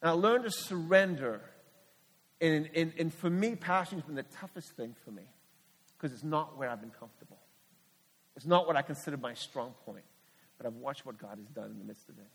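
A man's voice: fairly high pitch, lively intonation, brisk, slightly rough. A middle-aged man, a missionary pastor, giving a candid testimony in a sermon at church, telling his story earnestly with frequent restarts. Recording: long hall reverb.

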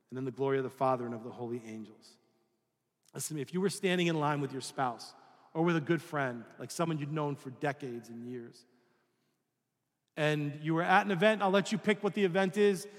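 Here a pastor delivers a sermon as if talking with the audience, tossing out rhetorical questions and occasionally voicing characters. He's a man with a slightly high voice, and the sound trails off in a long reverb.

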